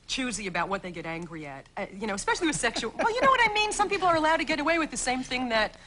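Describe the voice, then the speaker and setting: A woman comedian telling punchy, animated anecdotes as a talk show guest in a television studio. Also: high-pitched, very fast. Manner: animated, punchy comic storytelling. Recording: noisy television broadcast recording.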